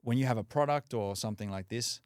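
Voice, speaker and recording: A man's voice: mid-range voice, quick pace, clean tone, no room sound, studio quality. A man from Australia, a podcast guest, chatting casually with lots of "like" and "you know". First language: English. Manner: relaxed, frequent "like" and "you know" fillers. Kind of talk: casual conversation.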